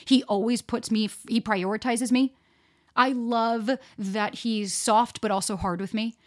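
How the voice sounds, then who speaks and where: A woman's voice: fairly high pitch, steady tone, measured pace, darkish tone. A young woman hosting a solo dating-advice podcast, talking frankly and swearing freely as she speaks straight to her listeners. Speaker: dating coach podcast host. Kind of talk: casual solo podcast talk.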